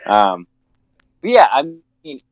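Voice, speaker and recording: Co-host, man, casual and wry, mid pitch, dull dry mic. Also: huge pitch swings, takes it slowly, no room sound. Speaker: podcast co-host. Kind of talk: casual religious discussion.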